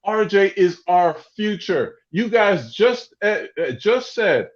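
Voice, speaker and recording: A man's voice: sits high, lively intonation, slow, dull audio. A man arguing hard about basketball in a heated podcast debate, often repeating himself. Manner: loud, ranting, repeats words. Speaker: podcast co-host.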